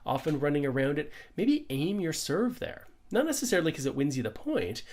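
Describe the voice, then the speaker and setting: A man's voice: on the high side, big pitch swings, fairly quick, a little mellow. A middle-aged man, a pickleball coach, giving an upbeat conversational lesson full of rhetorical questions. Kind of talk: instructional explainer.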